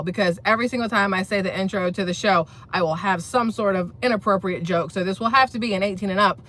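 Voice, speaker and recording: Speaking fast with hardly any pauses, this vlog host offers frank, opinionated political takes straight to viewers, rambling and restarting as they go. The mid-range voice sounds pushed and bright.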